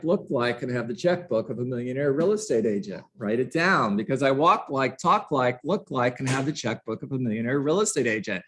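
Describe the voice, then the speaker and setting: A man's voice: medium pitch, a bit bright, slight background noise. A man teaching a live book-study lesson to a room of agents, passionate and emphatic, with sarcastic asides. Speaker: real estate trainer.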